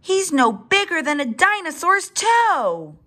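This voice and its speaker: Woman doing a loud exclaiming father dinosaur. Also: medium pitch, sing-song, measured pace, husky, full character voice. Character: excitable big father dinosaur.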